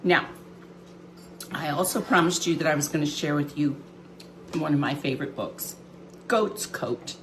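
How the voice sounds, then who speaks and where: Woman, kids' cooking show host, unhurried, chatty, home kitchen, faint background hiss. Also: deep voice. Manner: chatty, homey, talks straight to kids with many ums. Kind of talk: children's cooking demonstration.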